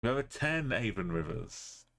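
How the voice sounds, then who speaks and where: A man's voice: on the low side, very animated, measured pace, gravelly, a bit bright. A man streaming a map game, talking in a rambling, jokey way. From Britain. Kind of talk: casual gaming commentary.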